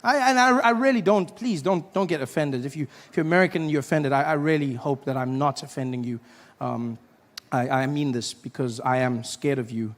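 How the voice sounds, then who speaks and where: Animated stand-up comedian, high voice. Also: male voice, brisk, in a large hall. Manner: animated, acts out voices and shouts. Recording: live stage with faint audience noise.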